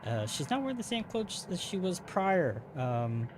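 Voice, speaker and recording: A game master narrating a tabletop game in a relaxed, halting way with fillers. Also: medium pitch, noisy background.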